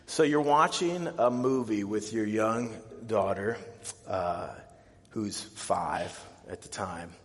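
A man in his thirties preaching a sermon, telling stories in an animated way and acting out scared, panicked voices with big jumps in pitch and loudness. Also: in a large hall. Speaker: pastor.

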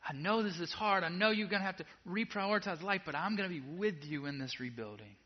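A man preaching a sermon to a congregation in a casual, direct way, moving between quiet asides and loud emphatic peaks. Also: sits high, expressive, a little fast. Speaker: pastor. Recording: dull lo-fi sound.

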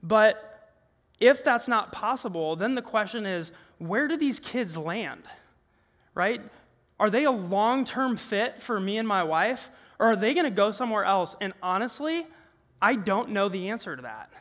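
A young man preaches in a high, bright voice, talking to the room in an earnest, conversational way. His voice rings out with a long reverb from the large hall around him. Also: expressive, a little slow. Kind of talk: sermon. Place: large worship room with an audience.

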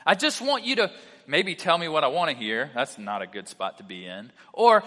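A man preaching a sermon as pastor, mixing animated delivery with casual conversational asides. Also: on the high side, normal speed. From South Carolina. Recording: long hall reverb.

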